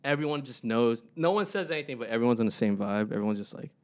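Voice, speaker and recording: A man's voice: mid-range voice, fast. A young man, a podcast co-host, telling stories in a casual chat and acting out the people in them. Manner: animated, acts out people in his stories.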